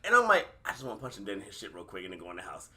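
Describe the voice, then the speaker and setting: A man's voice: lowish voice, rapid-fire, crowd noise. A man co-hosting a casual podcast, laughing and acting out the people in his stories. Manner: laughing, animated storyteller acting out quotes. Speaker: podcast co-host. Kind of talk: casual chat.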